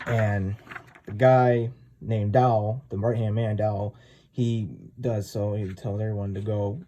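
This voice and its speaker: Mellow man rambling through a recap. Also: medium pitch, level tone, slow. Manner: rambling, full of "like" and "you know". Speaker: comic reviewer. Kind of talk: casual chapter recap.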